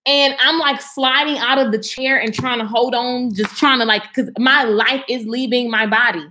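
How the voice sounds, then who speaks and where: Brief: woman, high and bright, dramatic casual storyteller. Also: normal speed. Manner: animated, dramatic, swings from hushed to loud. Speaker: speaker telling a personal story.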